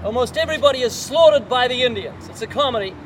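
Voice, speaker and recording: Older guy preaching, really high voice for a man, faint traffic hum behind, story then questions at you. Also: animated, quick pace, fairly bright tone. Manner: storytelling, asks the listener rhetorical questions. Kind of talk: sermon.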